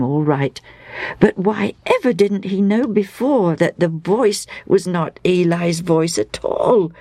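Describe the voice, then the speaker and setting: A woman narrating a Bible story in a slow, hushed, dramatic storytelling manner. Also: fairly low pitch, breathy edge, dry recording.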